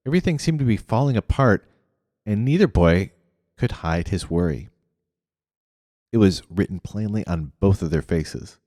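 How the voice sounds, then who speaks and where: Deep-voiced man reading a novel aloud. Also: animated, normal speed, pauses often, dark tone, no room sound, clean studio sound, in a large hall. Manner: restarts and corrects himself mid-phrase. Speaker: reader.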